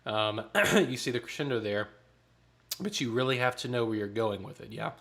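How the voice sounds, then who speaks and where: A man leading a choir rehearsal online, coaching the singers in a friendly way, checking in often and clearing his throat now and then. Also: medium pitch, normal speed, fairly bright tone. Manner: counts in and demonstrates rhythms aloud. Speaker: choir director.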